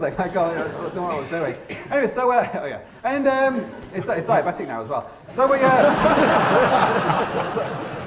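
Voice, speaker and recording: Fast-talking, self-mocking man in an echoey theatre. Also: a little high. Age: 40s. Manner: rambling, self-deprecating, heavy with fillers. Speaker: mountaineer giving a live talk. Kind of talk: live comic storytelling to an audience. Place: opera house stage.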